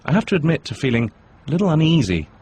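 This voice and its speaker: A man's voice: fairly high pitch, big pitch swings, fast, darkish tone, slight background noise. A British man in his forties reading scripted voice-over narration with dry, wry understatement.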